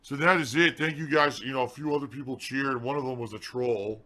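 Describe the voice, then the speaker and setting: A male game streamer talks to his live chat in a sarcastic, defensive rant. His voice sits at an ordinary pitch for a man. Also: brisk, sharp tone.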